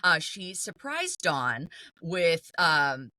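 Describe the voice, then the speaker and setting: Bright, wry woman podcast co-host. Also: on the low side, big pitch swings, very slow, dry recording. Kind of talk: casual recap chat.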